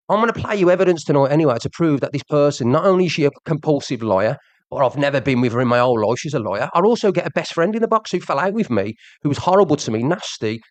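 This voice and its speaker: A man delivers a heated livestream rant, jabbing at someone he calls out and circling back to the same points again and again. His voice sits a touch high for a man, and the sound is close and dry with no room around it. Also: no room sound. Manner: confrontational, repeats himself, addresses the viewer directly.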